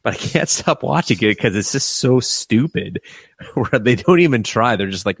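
A man's voice: mid-range voice, expressive, moderate pace, creaky, husky, no echo. A man co-hosting an anime podcast, casually retelling episodes with lots of swearing, laughter and quoted character voices. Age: adult with a young son. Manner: profane, laughing, acts out scenes in quoted voices. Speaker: podcast co-host. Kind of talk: casual anime review chat.

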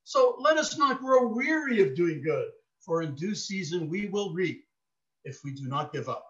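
A middle-aged man preaches with a notably high voice. He tells personal stories in a heartfelt way, dropping soft and then rising to emphasis. The recording sounds dull and lo-fi. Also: very animated, moderate pace. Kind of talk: sermon.

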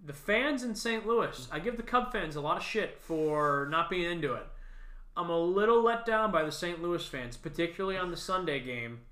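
Ranting animated man in an echoey room. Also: moderate pace. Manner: ranting, animated, profane, mocks others in shrill voices. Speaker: podcast co-host. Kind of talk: casual chat.

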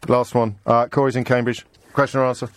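A man hosting a live call-in radio show, brisk and teasing with his callers. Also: medium pitch, level tone, heavy background noise. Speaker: radio phone-in host.

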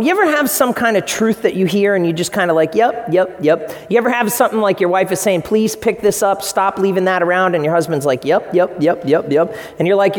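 A man preaching a sermon as pastor, telling stories with lively acted-out quotes. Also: high voice, long reverb tail. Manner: animated storytelling with acted-out quotes.

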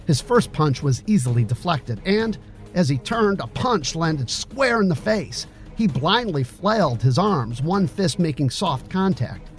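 Expressive man narrating an audiobook. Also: a little high, a little slow, soft background music. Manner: expressive storytelling. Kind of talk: scripted narration.

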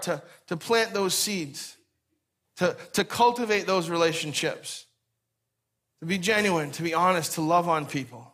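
A male pastor preaching a sermon to his church, telling stories with lively acted-out quotes. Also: a little high, measured pace. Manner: animated storytelling, acts out voices in quotes.

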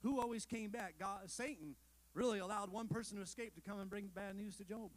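A man's voice: high-pitched, brisk, poor audio. A male pastor preaching a sermon in a conversational way, with rhetorical questions, asides and self-deprecating jokes to the congregation.

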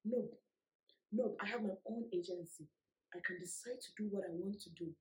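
A woman vlogger telling a personal story to her viewers in an emphatic, animated way, laughing often. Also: medium pitch, normal speed, rough recording. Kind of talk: storytime vlog.

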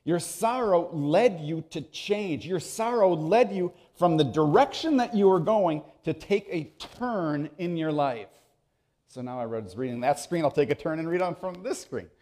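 A man's voice: fairly high pitch, expressive, a little slow, a little mellow. A man preaching a sermon as pastor, emphatic and repeating phrases for stress.

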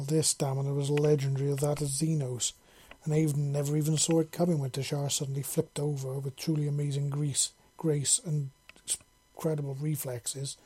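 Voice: medium pitch, mellow, slightly rough. A narrator reading fan fiction aloud, unpolished, with slips and self-corrections.

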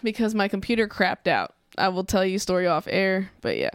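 A woman in her thirties co-hosting a podcast, telling a story in a casual, animated way and laughing often. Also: mid-range voice, brisk, clear, resonant tone, no echo, clean studio sound. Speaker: podcast co-host. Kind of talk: casual chat.

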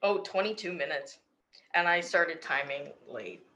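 A woman's voice: low-pitched, animated, a little slow, pushed and bright, a little hiss or hum. A young woman co-hosting a podcast, chatting casually with frequent giggles and self-deprecating jokes. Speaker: podcast co-host. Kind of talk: casual chat.

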